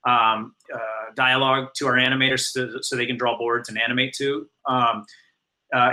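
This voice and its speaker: A man's voice: mid-range voice, bright, forceful tone, low-quality recording. A man guesting on a podcast interview, talking casually with many fillers, restarts and laughs. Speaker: guest, animated series showrunner.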